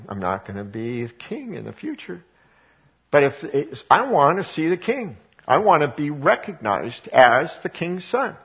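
A preacher playing an ambitious, scheming young prince who boasts in casual modern talk. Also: male voice, a little high, breathy edge, muffled recording, exaggerated voice.

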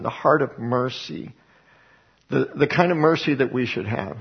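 A man's voice: mid-range voice, unhurried, gravelly, slightly rough, lo-fi sound. A man teaching the Bible as a sermon, who talks emphatically and asks and answers his own questions. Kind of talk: preaching Bible study.

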